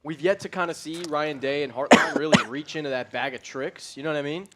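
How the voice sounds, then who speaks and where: A man's voice: on the high side, a little fast, a bit bright. A man co-hosting a live sports stream, talking in a laid-back, casual way. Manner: laid-back, loose speech with fillers. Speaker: co-host.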